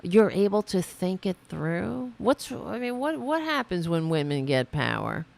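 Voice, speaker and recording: A woman hosts a livestream, reacting to clips with indignant sarcasm and plenty of swearing. Her pitch swoops widely as she talks, and she speaks at an unhurried, deliberate pace. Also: big pitch swings, gravelly, a little mellow. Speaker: political commentary host.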